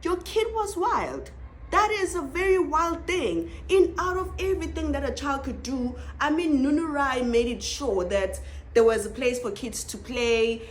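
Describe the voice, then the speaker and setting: Female vlogger, South African accent, high voice, animated and gossipy delivery. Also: normal speed, slight background noise. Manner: animated, laughs often, exclaims. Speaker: TV reviewer. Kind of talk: casual review vlog.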